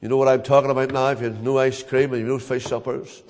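An older man with a Northern Irish accent preaching a sermon as a pastor, telling stories earnestly with dramatic pauses. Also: mid-range voice, little pitch movement, a little mellow, in a large hall.

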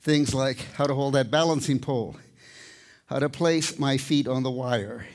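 An older man, a tightrope walker, giving a live talk with storytelling and light humor, out of breath at times. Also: mid-range voice. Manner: storytelling, warm humor, pauses to catch breath. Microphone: microphone, speaking to a live audience.

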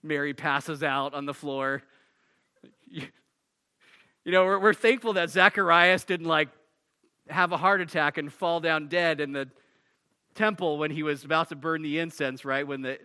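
A man's voice: on the high side, fairly even intonation, moderate pace, pushed and bright, clean tone. A male pastor preaching a sermon emphatically, often restarting and repeating words as he pushes through a point.

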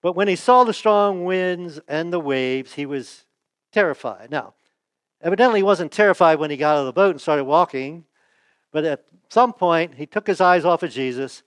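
A male pastor preaches in a folksy, chatty style, tossing rhetorical questions to the congregation. His voice sits on the higher side for a man and sounds close and dry, with almost no room echo. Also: lively intonation, normal speed, a bit bright, clean tone. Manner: asks the audience rhetorical questions; folksy, chuckles and restarts. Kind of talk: conversational sermon.

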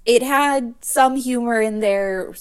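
Woman podcast co-host, kinda high voice, blunt and swears a lot, playful. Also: slow pace, clear, resonant tone. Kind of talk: casual chat.

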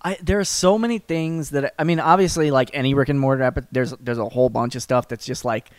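A man's voice: medium pitch, fairly even intonation, fast talker, clean tone, no echo. A man appearing as a guest on a podcast, talking loosely and laughing often. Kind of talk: casual chat.

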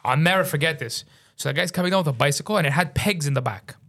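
A young man with a high voice, telling stories in a casual podcast chat. He is animated and drops "bro" into almost every sentence. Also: quick pace. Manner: animated, says "bro" constantly. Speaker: podcast co-host.

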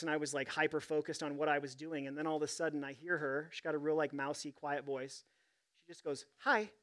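A man's voice: on the high side, pushed and bright. A man preaching a sermon as pastor, reading scripture and telling stories in a conversational, humorous way.

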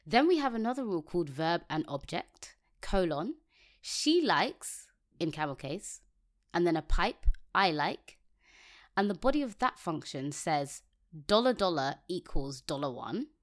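Woman, podcast co-host, slightly low pitch, reads code aloud step by step, easy laugh. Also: very animated, unhurried. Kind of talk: casual technical chat.

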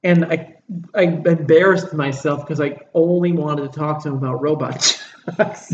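A man co-hosting a casual movie podcast, excitable and rambling, laughing often. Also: a little high. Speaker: podcast co-host. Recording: echoey distant lo-fi room mic with faint hiss.

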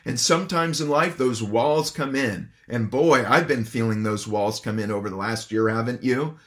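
A man's voice: mid-range voice, moderate pace, a bit bright. Man, pastor, expository sermon, earnest, emphatic, rhetorical questions.

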